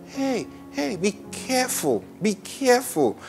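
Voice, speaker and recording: A man preaching a Bible study sermon, animated, acting out quoted voices and laughing often. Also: extremely high pitch, measured pace, gravelly, soft background music.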